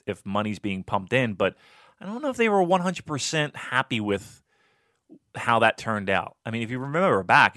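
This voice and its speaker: A man telling casual stories in a podcast chat, animated and swearing, often jumping into a high voice when he quotes people. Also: no room sound, studio quality.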